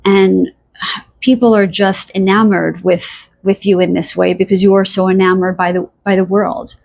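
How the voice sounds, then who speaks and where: Woman, tarot reader, soft, dreamy, halting, fillers and restarts, speaking to the listener. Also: mid-range voice, flat delivery, creaky. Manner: addresses the listener directly. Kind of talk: pick-a-card tarot reading.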